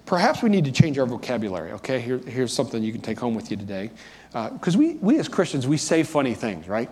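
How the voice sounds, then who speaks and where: A man's voice: medium pitch, sing-song, quick pace, darkish tone, breathy edge. A man pastor preaching a sermon in a church, talking conversationally and lifting his voice for emphasis. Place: church sanctuary. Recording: long reverb of a church hall.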